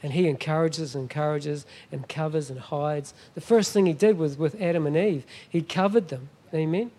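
A man's voice: a little high, normal speed, dark tone. A middle-aged man preaching a sermon as a guest pastor, emphatic and often asking the congregation "Amen?".

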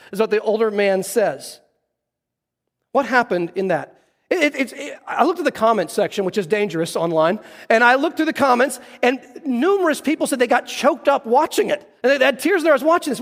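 A man's voice: very high-pitched, lively intonation, brisk, in a large hall. A man preaching a sermon, telling a story earnestly and restarting his phrases often. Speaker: pastor. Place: church sanctuary.

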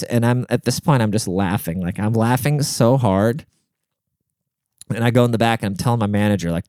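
Man telling a foul-mouthed story, smooth voice. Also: on the low side, fairly quick, no echo, clean studio sound. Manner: profane, animated, exasperated. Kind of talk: casual storytelling monologue.

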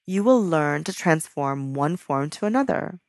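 A woman working as a spiritual teacher who leads a slow, soothing guided meditation and chants mantras. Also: low-pitched, lively intonation, vocal fry, dry recording, clean studio sound.

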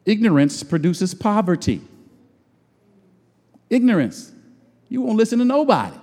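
A high-voiced middle-aged man preaches with folksy, emphatic drive, drawing words out slowly to hammer his points. His voice rings with the long reverb of a large hall. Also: big pitch swings, dark tone. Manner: emphatic call-and-response preaching, slows and stretches words for emphasis; folksy, colloquial speech. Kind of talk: sermon.

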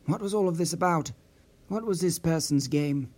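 A man reading a story aloud in a measured storytelling delivery. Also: a little high, a little mellow. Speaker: audiobook narrator. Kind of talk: scripted narration.

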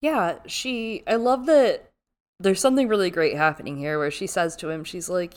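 A woman co-hosting a podcast, chatting casually about a TV series and acting out characters' lines with lively voices. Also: fairly low pitch, normal speed. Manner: animated, acts out characters' lines in big voices. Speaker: podcast co-host. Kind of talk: casual chat, recapping a TV show.

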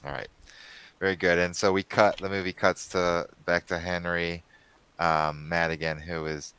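A man with a low voice runs a tabletop game, describing scenes in a casual, loose storytelling way. His tone is bright and crisp, and the recording is dry and close. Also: level tone, normal speed. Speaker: game master.

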